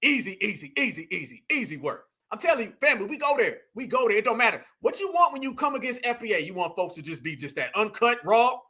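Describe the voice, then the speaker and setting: High bright-voiced mocking male host. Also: expressive, fast talker, hardly any pauses. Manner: mocking, laughing, addresses viewers as family. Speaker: commentary show host. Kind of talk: casual reaction commentary.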